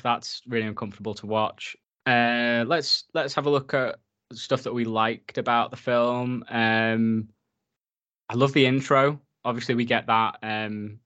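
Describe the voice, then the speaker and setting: This man's voice sits at medium pitch with a slightly bright tone. He co-hosts a podcast, reviewing a film in casual chat, swearing often and leaning heavily on "like" and other fillers.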